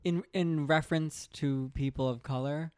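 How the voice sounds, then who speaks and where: Campy man with dry quiet jokes. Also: on the high side, fairly even intonation, normal speed, smooth. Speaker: podcast guest. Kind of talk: casual chat.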